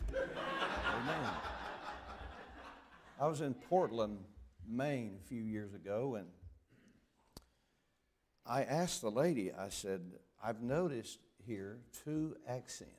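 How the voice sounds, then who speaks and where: An older man with a Southern accent stands at a church pulpit microphone. He tells folksy stories with a joking drawl. He has a middle-pitched voice, and the congregation calls back around him. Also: expressive, slow pace, pauses often. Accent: Southern US, Deep South Alabama. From southern United States. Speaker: visiting preacher. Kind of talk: folksy sermon introduction. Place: church sanctuary.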